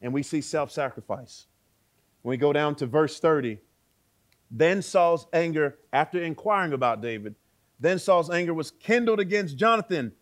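A man preaching a sermon, with dramatic swings between loud exclaiming and hushed words and rhetorical questions to the listeners. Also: fairly high pitch, lively intonation, normal speed.

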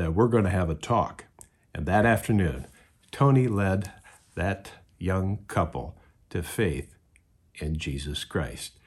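Husky-voiced man preaching a sermon. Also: lowish voice. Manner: storytelling, acts out quoted voices. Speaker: pastor.

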